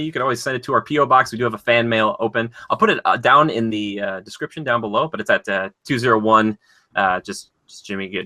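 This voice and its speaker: A man with an Upper Midwest American accent hosts a casual podcast outro. His voice is very bright and forward. He rambles jokily and fills the gaps with ums and uhs. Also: medium pitch. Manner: rambling, jokey, many fillers. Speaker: podcast co-host.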